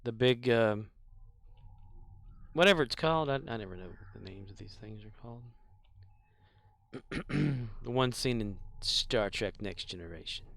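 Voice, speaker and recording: A man's voice: mid-range voice, measured pace, vocal fry, pauses often, fairly bright tone. A man streaming a space game live, chatting casually and rambling as he hunts for names. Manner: rambling, trails off, hunts for names, mutters to himself. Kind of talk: casual live-stream chat while gaming.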